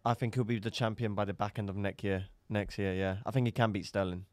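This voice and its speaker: Laid-back podcast co-host. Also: male voice, fairly low pitch, steady tone, fast, a little mellow, no echo. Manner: laid-back, jokey, swears. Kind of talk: casual chat.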